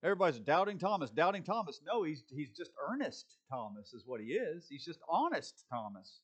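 A man preaching a sermon in a conversational, animated way, often acting out voices and restarting his sentences. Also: fairly high pitch, fairly quick.

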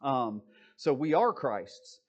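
Animated, chatty male preacher. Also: mid-range voice, slow, dull audio. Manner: chatty, self-deprecating asides and frequent "right?" check-ins. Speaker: preacher teaching a Bible study. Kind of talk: conversational sermon.

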